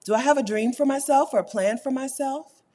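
A woman hosting a casual live stream, reading chat comments aloud, animated and laughing often, repeating her points for emphasis. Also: high-pitched, fairly quick, breathy edge. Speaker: YouTube host answering live chat.

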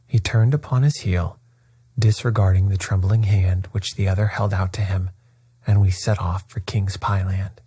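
A man narrating a classic story at bedtime with a soft, steady, soothing delivery. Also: low voice, moderate pace, breathy edge, no room sound.

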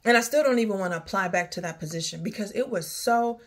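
A woman's voice: a little high, fast, hardly any pauses, a bit bright. A woman talking candidly in a personal vlog, sighing often as she drifts from work troubles to faith. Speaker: vlogger. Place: outdoors near her home, rain starting.

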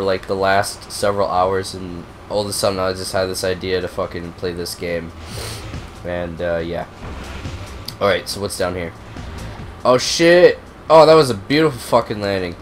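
A young man with a cold who coughs now and then, giving profane, excitable, rambling commentary on a racing game. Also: on the low side. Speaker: gaming video host. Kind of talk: casual gameplay commentary.

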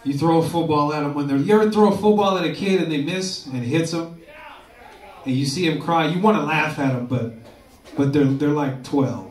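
A man's voice: fairly high pitch, fairly quick, darkish tone. A man doing a loose, crude stand-up comedy set, often tagging lines with "dude". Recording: echoey room from far off, crowd laughter.

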